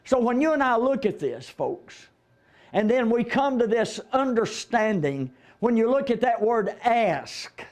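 A man's voice: extremely high pitch, sing-song, measured pace. A man preaching a conversational sermon in a church, retelling Bible stories and quoting the figures in his own voice.

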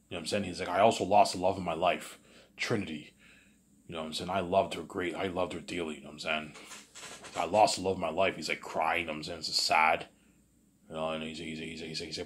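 A man telling a rambling imagined story in casual monologue, repeating filler phrases and swinging into loud excited bursts. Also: low voice, quick pace. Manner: rambling, repeats "he's like" and "you know what I'm saying".

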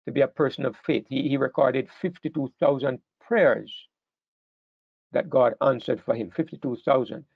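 A man's voice: medium pitch, no room sound, phone-quality sound. A man preaching a sermon, emphatic, stressing key words and often repeating himself as he restarts phrases.

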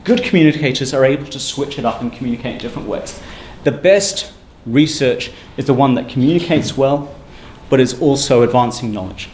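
A man giving a university seminar talk, brisk and emphatic in a conversational lecturing manner. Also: medium pitch, a little mellow. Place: lecture room. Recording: echoey room with faint ambient noise.

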